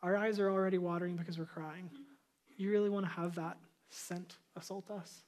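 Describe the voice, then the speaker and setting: High-voiced male pastor preaching. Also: steady tone, a little fast. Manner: conversational storytelling building to loud, emphatic preaching. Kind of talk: sermon.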